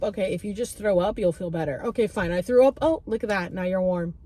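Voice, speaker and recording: A young woman vlogs to camera about her own experience in loose, chatty talk. Her speech is packed with "like" and restarts, and she breaks into high squeals and cries as she acts out her own past voice. Her pitch sits in the middle of the female range. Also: quick pace, dark tone. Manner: heavy use of "like" and filler restarts. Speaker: vlogger and spiritual reader. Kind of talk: casual storytelling to camera.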